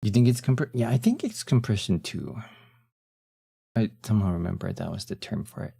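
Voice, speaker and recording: Chatting on a live stream at a normal speed, a young man sounds expressive and dark-toned, his deep morning voice husky. He keeps things laid-back, often trailing off with fillers.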